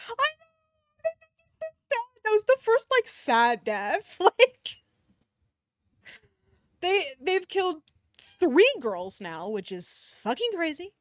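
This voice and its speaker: Young woman, streamer, reading fanfiction aloud, excitable reactions, higher voice, dry sound. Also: takes it slowly, pauses often, no echo. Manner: animated, swears and laughs in loud outbursts.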